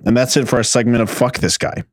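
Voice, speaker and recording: A man's voice: medium pitch, fairly even intonation, fast, no room sound. A man hosting a show, giving tired, mocking commentary with a sarcastic edge. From United States. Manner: mocking, fed up. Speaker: host.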